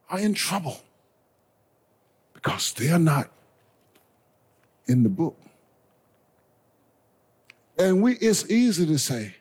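Impassioned preacher man, lively swooping voice. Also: high voice, slightly rough. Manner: call-and-response preaching, swings from soft asides to shouted climaxes; folksy, addresses the congregation as y'all and baby. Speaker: bishop preaching. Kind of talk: sermon. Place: church sanctuary before a congregation.

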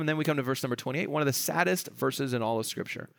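A male pastor preaching with an animated, storytelling delivery, slipping into little voices to act out the lines of a passage. His voice sits a bit higher than most men's. The sound is close and dry, with no room echo. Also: fast talker, gravelly, hardly any pauses. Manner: animated, acts out the dialogue of a reading in voices. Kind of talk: sermon.

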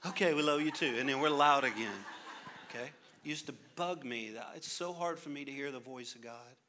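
Delivering a sermon over some background noise, this middle-aged male pastor speaks at normal speed in a medium pitch. He reads scripture and playfully acts out little scenes with his kids, keeping things animated and funny.

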